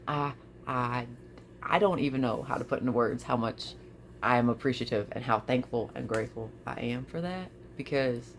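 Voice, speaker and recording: A woman vlogging casually to her viewers, expressive, often repeating her phrases and laughing. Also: very deep voice, moderate pace, slight background noise. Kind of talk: casual talk to camera.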